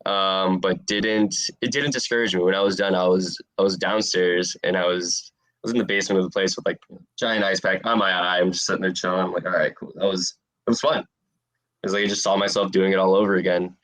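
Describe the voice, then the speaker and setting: A man in his twenties answering interview questions in a relaxed, rambling way with lots of fillers. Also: low-pitched, a little fast, dry recording. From USA. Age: 20s. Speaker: interviewed fighter.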